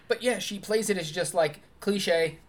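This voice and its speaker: A podcast co-host reviewing a movie in casual chat, talking in an animated, enthusiastic way with quick asides. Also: mid-range voice.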